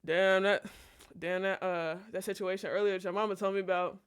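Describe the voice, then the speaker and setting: A woman's voice: medium pitch, fairly even intonation, fairly quick, clear, resonant tone, voice pushed down, lightly acted. Woman doing a shrugging, laid-back young ex. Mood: nonchalant.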